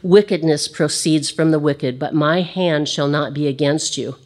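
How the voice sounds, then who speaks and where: A woman's voice: sits low, unhurried, a little mellow. A woman voicing a young male warrior who earnestly pleads with a king, read with emphasis from scripture. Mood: pleading.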